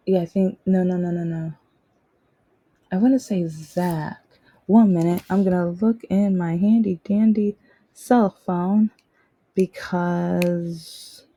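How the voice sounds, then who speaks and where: Rambling woman, dark husky voice. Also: lowish voice, no room sound, rough recording. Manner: rambling, with frequent restarts and quoted dialogue. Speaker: podcast host. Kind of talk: casual storytelling monologue.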